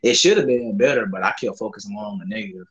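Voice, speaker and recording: A man's voice: fairly low pitch, rapid-fire, husky, muffled recording. A young man from the Southern US telling a rambling, profane story in a laid-back, casual chat. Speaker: podcast co-host.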